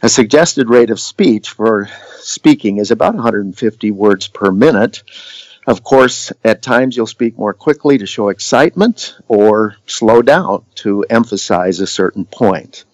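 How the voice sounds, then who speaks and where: A man teaching voice and communication skills in a measured, demonstrative delivery, pausing deliberately between points. His voice sits a little low. The recording is dry and close, with no room sound. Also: expressive, darkish tone, no room sound, dull audio. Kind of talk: scripted instructional narration.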